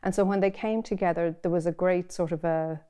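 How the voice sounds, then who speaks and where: Middle-aged Irish author, slightly low voice, lilting reader. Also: female voice, steady tone, brisk, warm tone, clear, resonant tone. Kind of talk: reading aloud and interview.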